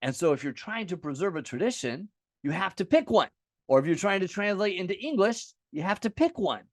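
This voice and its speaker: A man's voice: high voice, very animated, fairly quick, dry recording, clean studio sound. A man teaching an unscripted lesson, explaining step by step at a chart, casual with many fillers and self-corrections.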